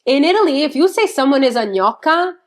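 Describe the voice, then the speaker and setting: A woman from Montreal hosting a podcast, chatting casually with blunt, profane, animated storytelling. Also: sits high, brisk. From Montreal, Canada. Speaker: podcast host.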